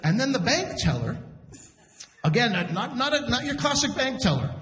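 A man hosting a live comedy show, telling a story on stage in a chatty, animated way, acting out the people in it. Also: extremely high pitch, moderate pace. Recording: echoey hall from a distance.

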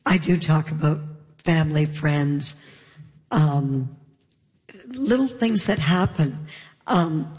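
A woman comedian on a live panel, telling an animated story and laughing as she goes. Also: low voice, slow pace, pauses often. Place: large hall with a live audience. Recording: long hall reverb.

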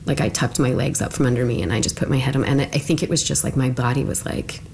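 A woman's voice: very deep voice, steady tone, fast talker, vocal fry, darkish tone, slight background noise. A young woman recounting her own experience in an interview, conversational and full of fillers. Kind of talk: personal recollection in an interview.

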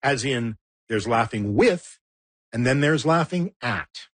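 A man's voice: mid-range voice, expressive, slow pace, slightly rough, dry recording. A man hosting and narrating a documentary with playful, wry asides. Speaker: host and narrator.

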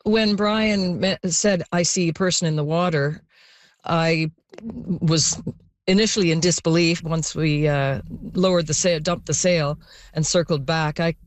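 A woman interviewed about a rescue she took part in, speaking haltingly with restarts. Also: deep voice, no echo. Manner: halting, with restarts and quoted shouts. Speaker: sailor who rescued people at sea.

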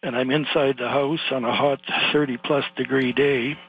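Older man, caller, husky voice, rambling storyteller, muffled phone line. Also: mid-range voice, moderate pace, soft background music. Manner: rambling, animated storyteller, laughs as he talks.

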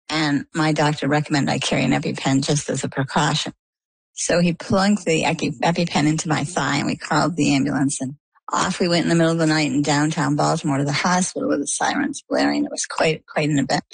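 A woman's voice: low-pitched, creaky, husky, dry recording, rough recording. A middle-aged woman from Maine being interviewed, telling a personal story and acting out what people said to her. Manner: animated storyteller, acts out quoted dialogue. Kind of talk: conversational storytelling.

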